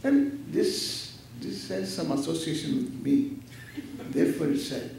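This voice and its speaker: Unhurried and sing-song, this man's somewhat high, creaky, darkish voice belongs to an Indian Vedanta teacher in his 70s. He lectures playfully on scripture, laughing as he performs short dialogues, captured by a distant mic in an echoey hall with faint noise.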